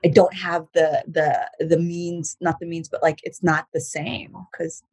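A woman's voice: low-pitched, flat delivery, measured pace, a little mellow, slightly rough, no echo, rough recording. A woman, a comedian chatting casually on a podcast with lots of restarts and casual swearing. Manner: rambling, frequent likes and restarts, swears casually. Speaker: comedian guest.

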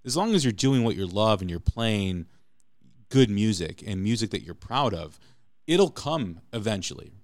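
A man hosting a podcast interview, chatting casually and telling animated stories. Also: on the low side, normal speed, no echo, studio quality. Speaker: podcast host.

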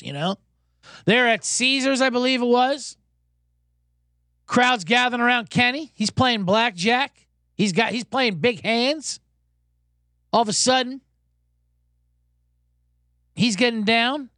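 On his sports betting podcast, a man tells a casino story and gives his picks, animated and profane, with shouted crowd chants mixed in. His voice sits high, and the sound is clean studio audio with no echo.

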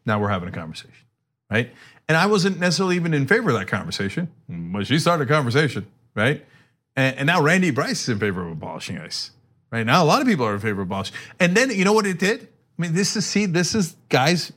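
A middle-aged man talking politics with a co-host in a loose, chatty way. His pitch swings widely as he gets animated, and he slips into little voices to act out what others said. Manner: animated, acts out quotes. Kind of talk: casual political chat.

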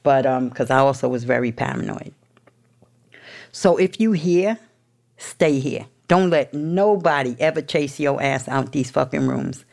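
Blunt, gravelly New York woman. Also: very deep voice, measured pace, darkish tone. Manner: blunt, profane, street-tough. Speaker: speaker sharing a recovery story. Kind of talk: candid storytelling.

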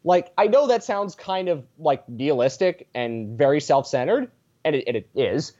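A man's voice: fairly high pitch, big pitch swings, normal speed, warm tone. A man chatting as a podcast guest, rambling through tangents with a sarcastic sense of humor. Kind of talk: casual podcast chat. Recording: dull lo-fi sound.

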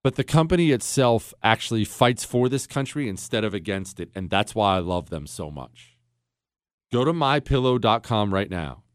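A man's voice: lowish voice, expressive, normal speed, clear, resonant tone, dry recording, clean studio sound. A man from the Pittsburgh area with a Pittsburgh accent, hosting a radio talk show in a sarcastic, joking way. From Ohio, near Pittsburgh.

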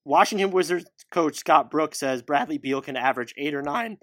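A man's voice: a little high, brisk, a bit bright, no room sound, studio quality. A man in his thirties hosting a casual sports talk show, questioning his guest and reeling off stats. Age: 30s. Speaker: podcast host.

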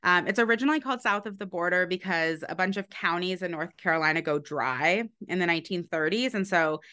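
A woman historian speaks in a fairly low voice, working through her explanation with many fillers and quick restarts. She laughs lightly now and then as she talks about her book in an unscripted podcast interview. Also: bright, forceful tone. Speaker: author and historian.

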